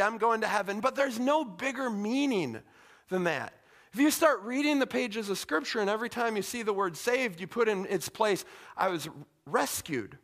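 A middle-aged-sounding pastor with a notably high-pitched voice delivers a sermon. He's animated and casual, talking as if chatting with the congregation and tossing in small asides.

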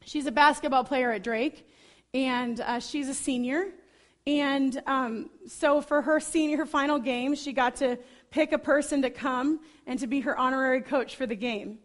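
A woman preaching a sermon, telling a story with chatty enthusiasm and lively asides. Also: high-pitched, moderate pace.

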